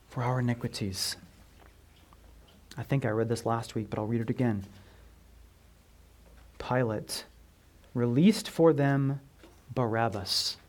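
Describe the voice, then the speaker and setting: Male pastor, sermon, slow measured delivery, emphatic with hushed drops. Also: mid-range voice. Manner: emphatic preaching, swinging from loud stress to near whisper; addresses congregation with questions.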